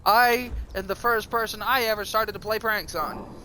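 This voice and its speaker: A man's voice: high voice, fairly even intonation, normal speed, sharp tone, a little hiss or hum. A man streaming live, ranting in a profane, defiant and self-mocking way. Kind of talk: rambling livestream monologue.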